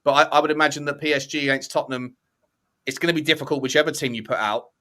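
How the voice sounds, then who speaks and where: A man's voice: a little high, fairly even intonation, racing, pushed and bright. A man, a fan podcast panelist in casual football debate, thinking aloud and often correcting himself.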